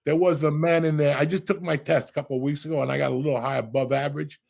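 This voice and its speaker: A middle-aged man hosting a podcast, a loud, profane storyteller with a gravelly, husky voice. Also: fairly high pitch, fairly even intonation, fast talker. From Cuba. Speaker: podcast host.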